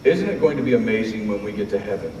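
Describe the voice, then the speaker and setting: A male preacher delivering a sermon, moving between hushed asides and loud, rising passages. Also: on the low side, lively intonation, fast, slight background noise. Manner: swings from hushed to loud shouting when retelling scripture. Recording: roomy hall from a distance, faint ambience.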